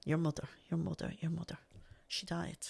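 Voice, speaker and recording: Woman guest, low-ish voice, earnest, emphatic repetition, heartfelt storytelling. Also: flat delivery, brisk, gravelly, darkish tone, husky. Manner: earnest, repeats phrases for emphasis. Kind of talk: emotional personal storytelling.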